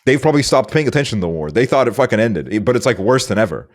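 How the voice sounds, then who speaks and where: A man's voice: mid-range voice, very animated, rapid-fire. A young man from Estonia, a podcast host chatting casually, rambling with lots of filler words and swearing. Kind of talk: casual chat.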